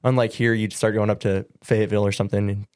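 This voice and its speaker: A young man from Southern California, a student pastor, talking as a guest on a podcast. His voice sits slightly low, and he rambles easily, full of "like" and "um". The sound is dry and close. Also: little pitch movement, quick pace, darkish tone, clean tone, no echo. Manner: easygoing, rambling, lots of likes and ums. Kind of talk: casual podcast guest chat.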